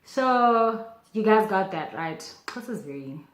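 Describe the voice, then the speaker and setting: A young woman teaching a casual video language lesson, chatty and animated, with bursts of excitement and many fillers. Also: medium pitch, takes it slowly, roomy sound.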